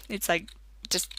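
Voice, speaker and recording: An Australian let's play commentator rambling casually while gaming, chatty and quick to laugh. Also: fairly bright tone, no echo.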